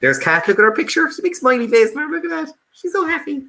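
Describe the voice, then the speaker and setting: A man's voice: very high voice, very animated, very fast, bright, forceful tone, soft background music. An Irish man hosting a live quiz stream from home, joking and reading out viewers' comments. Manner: jokey, laughs often, reads out viewer comments. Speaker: quiz host. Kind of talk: casual live-stream chat.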